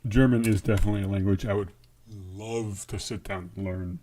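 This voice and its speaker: Low-voiced man rambling through live coding. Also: steady tone, a little fast, dark tone, slight background noise. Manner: rambling, thinks aloud with many fillers and restarts. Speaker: livestream host. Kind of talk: casual live coding chat.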